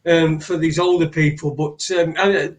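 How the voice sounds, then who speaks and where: A man co-hosting a casual chat, ranting with animated, halting restarts. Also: fairly high pitch. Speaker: co-host.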